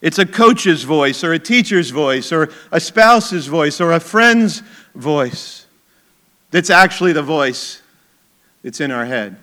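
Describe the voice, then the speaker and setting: Man, middle-aged, pastor, sermon, conversational, emphatic, forceful bright tone. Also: a little high, animated, slow pace. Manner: conversational, chuckling asides, emphatic.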